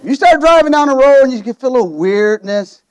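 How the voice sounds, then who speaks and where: A man preaching with a high voice that leaps up and down. He tells his stories with playful asides and calls out to the congregation as he goes. The sermon has a lively, exhortative drive. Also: fast talker, smooth, no room sound. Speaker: pastor.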